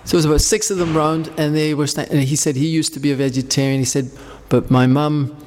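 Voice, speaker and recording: A man's voice: fairly high pitch, little pitch movement, fast, big-room sound. A man leading a devotional group, talking informally and telling rambling anecdotes between questions. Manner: rambling, anecdotal, warm storytelling.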